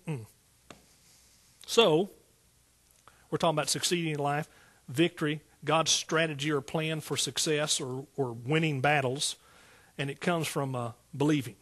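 A husky-voiced man preaching a sermon in a slightly high register. He addresses the congregation casually, with calls of "y'all", and swells to emphatic peaks before settling back. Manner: rises to emphatic exclaiming peaks; Southern "y'all" speech.

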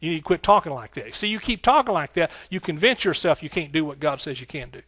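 A man's voice: a little high, animated, fast, fairly bright tone, slightly rough, no echo. A man preaching a sermon, fervent and rhythmic, repeating phrases, calling out hallelujah and talking folksily to the congregation. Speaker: pastor.

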